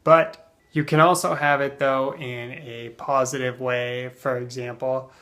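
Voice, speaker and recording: A man teaching an English phrase in a relaxed, casual way, with plenty of ums and uhs, acting out example sentences with strong emphasis. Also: medium pitch, unhurried. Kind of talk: casual spoken lesson.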